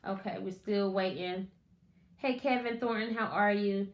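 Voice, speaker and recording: A woman's voice: medium pitch, a little slow. Woman host, casual live-stream chat, chatty, greets viewers by name, roomy echo. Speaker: podcast host. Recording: echoey room.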